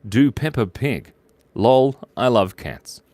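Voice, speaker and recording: A man's voice: medium pitch, animated, slow pace, a little mellow, no room sound. A man hosting a live drawing stream, playful and giggly as he chats with viewers while he draws. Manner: playful, giggly, silly asides. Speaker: animator hosting a drawing livestream.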